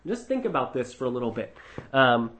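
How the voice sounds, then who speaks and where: A man voicing a sly, smooth-talking male serpent who coaxes with false innocence, in an echoey room. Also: mid-range voice, sing-song, brisk, fairly bright tone, pitched below the performer's own voice. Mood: sly, coaxing.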